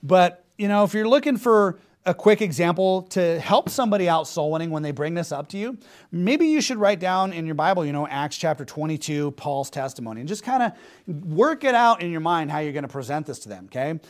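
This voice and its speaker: Emphatic male preacher, slightly high voice. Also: animated, brisk. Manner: emphatic, mocking, repeats rhetorical questions. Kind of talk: sermon.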